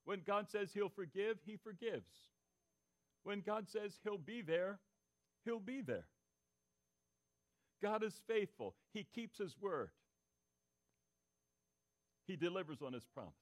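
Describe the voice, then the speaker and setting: A man's voice: sits high, lively intonation, takes it slowly, pauses often. A man preaching a sermon, asking the congregation to call out answers and repeating key phrases for emphasis. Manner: interactive, asks the congregation for answers. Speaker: pastor.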